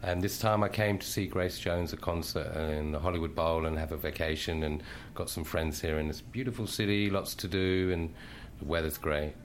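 A man's voice: low voice, steady tone, moderate pace, slight background noise. A British man from the UK, a guest on a radio show, chatting in a friendly, easygoing way in the studio. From United Kingdom. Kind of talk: casual radio interview.

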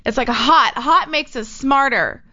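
A woman's voice: sits high, measured pace, bright, forceful tone, lo-fi sound. A woman co-hosting a talk radio show, chatting and teasing her co-host in casual on-air banter. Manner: playful, teasing, chatty, eats while talking.

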